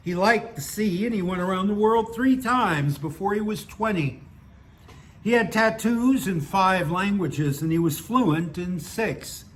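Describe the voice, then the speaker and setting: A man's voice: sits high, unhurried. An older man reading his own stories aloud and breaking off into digressive, self-mocking asides. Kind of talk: story reading with chatty asides.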